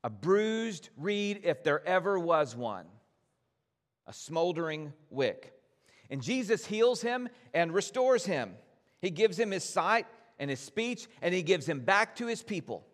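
Slow, gentle preaching man in a reverberant hall. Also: high-pitched. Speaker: pastor. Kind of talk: sermon.

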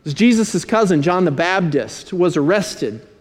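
High-voiced male preacher in a reverberant hall. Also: expressive. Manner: emphatic, with dry asides and slow stressed phrases. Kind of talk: sermon.

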